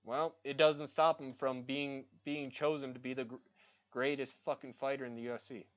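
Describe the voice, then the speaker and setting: A man's voice: medium pitch, level tone, moderate pace, dull audio. A man chatting casually while he paints on a livestream, ranting and swearing freely as he rambles from one opinion to the next.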